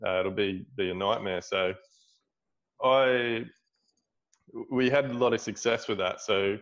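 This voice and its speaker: A man's voice: lowish voice, measured pace, a bit bright, highs cut off. A middle-aged Australian man, a builder, telling a story in a casual interview, rambling with many restarts. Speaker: guest, builder running seminars.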